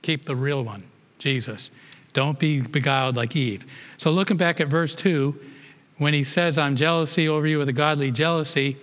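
A man's voice: fairly high pitch, normal speed, a bit bright, long reverb tail. A man leading a Bible study lesson, reading verses aloud and explaining them to a group, often rereading and restarting phrases.

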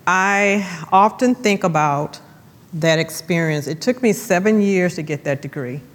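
A woman giving an emphatic church testimony, repeating phrases and slowing down for effect. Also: fairly low pitch. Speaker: guest speaker giving testimony. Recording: long church-hall reverb.

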